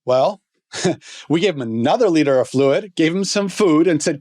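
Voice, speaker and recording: A man telling a story as a guest on a podcast, halting with many restarts. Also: on the high side, lively intonation, darkish tone, no room sound, clean studio sound.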